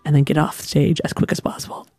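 A woman voicing her older brother giving a quick pep talk, over background music. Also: natural voice. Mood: encouraging. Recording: music playing underneath.

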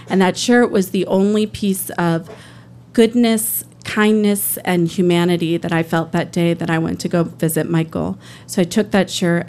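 A woman's voice: on the low side, darkish tone, a little hiss or hum. A woman and public defender telling a personal story on stage, conversational, earnest and emotional.

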